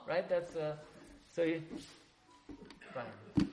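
A man telling a story to a class, lively and joking with his listeners in a room with an audience. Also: sits high, a little slow, pauses often. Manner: animated, joking asides with the audience. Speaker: religious teacher. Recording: echoey room, faint background noise.

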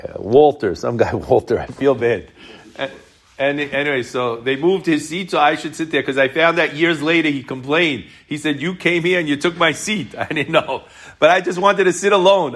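A man's voice: medium pitch, fairly bright tone. A middle-aged man from Brooklyn giving a Torah talk to a congregation, reading Hebrew and Aramaic passages and explaining them in a conversational way. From Brooklyn, New York. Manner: retells midrash in Hebrew then English, conversational.

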